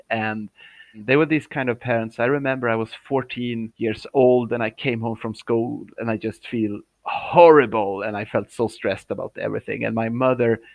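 A man's voice: medium pitch, creaky, no echo, low-quality recording. A man from Sweden, a professional clown who chats cheerfully and laughs often as a guest on a remote call.

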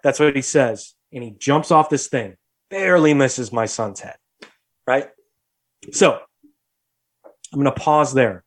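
A young adult man hosting a podcast, telling a story in a lively, profane, casual way. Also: mid-range voice, measured pace, pauses often. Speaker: podcast host.

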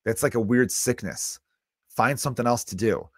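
A man's voice: mid-range voice, moderate pace, no echo, clean studio sound. A man in his thirties hosting a solo comedy podcast, ranting bluntly with lots of swearing. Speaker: podcast host.

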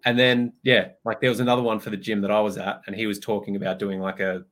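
A young man, a personal trainer, co-hosting a podcast and telling animated gym stories, acting out quotes and swearing casually. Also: on the low side, fast talker. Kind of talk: casual chat.

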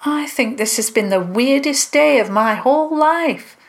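A woman's voice: high voice, animated, unhurried, voice pushed up. A woman doing an eager, chatty young girl.

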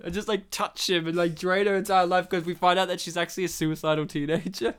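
A man's voice: high-pitched, steady tone, fairly quick, hardly any pauses, fairly bright tone, clear, resonant tone. Man, casual movie chat, joking, opinionated, silly voices.

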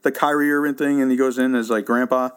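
A man's voice: mid-range voice, fairly even intonation, quick pace, a bit bright, clean tone. A man interviewing a guest in a loose, chatty way, full of casual fillers.

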